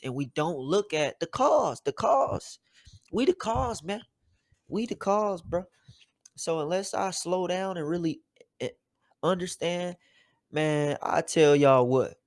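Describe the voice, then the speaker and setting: A man co-hosting a podcast in casual chat, laid-back and slangy, getting animated when he makes a point. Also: on the high side, dry recording. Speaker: podcast co-host.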